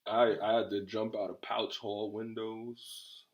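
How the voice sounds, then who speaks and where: A man's voice: lowish voice, flat delivery, a little slow, rough recording. Laid-back guy in his 30s from new york, rambly and laughing, podcast with his wife. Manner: easygoing, laughing often, rambling with restarts. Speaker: podcast co-host. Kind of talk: casual couple chat.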